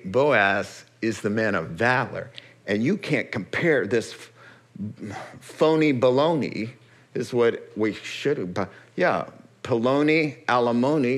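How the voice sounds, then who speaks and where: Male preacher, unhurried sermon delivery, playful asides, acts out characters. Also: lowish voice. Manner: lively storytelling, acts out characters with asides and humor.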